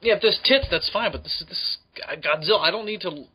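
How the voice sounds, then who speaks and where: A man's voice: high voice, pushed and bright, breathy edge. A man co-hosting a casual podcast, blunt and swearing as he mocks things. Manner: blunt, swearing, quick to mock. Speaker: podcast co-host.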